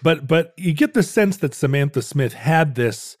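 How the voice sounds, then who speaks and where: A man's voice: fairly high pitch, lively intonation, moderate pace, dry recording, clean studio sound. A man co-hosting a podcast, chatting casually with playful banter. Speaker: podcast co-host. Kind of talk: casual chat.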